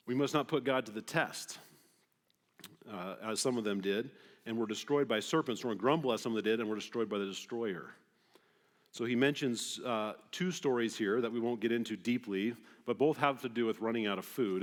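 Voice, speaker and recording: A man preaching a sermon as pastor, conversational and animated, often checking in with the congregation. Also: on the low side. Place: church sanctuary. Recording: long hall reverb in a church.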